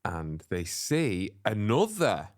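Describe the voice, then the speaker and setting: A man's voice: fairly low pitch, wildly swooping pitch, slow. A man co-hosting a comedy podcast, rambling through an improvised story and slipping into silly character voices. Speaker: podcast co-host.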